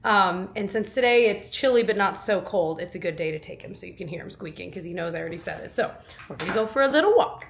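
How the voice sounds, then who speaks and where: A woman's voice: mid-range voice, expressive, creaky, noisy background. Cheerful chatty woman vlogging. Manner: cheerful, chatty, quick asides. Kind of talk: casual vlog chat.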